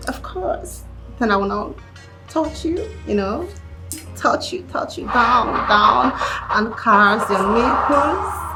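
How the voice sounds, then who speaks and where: An actress playing a flirtatious lover who teases and giggles in a breathy voice. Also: female voice, on the high side, a bit bright, heavily acted.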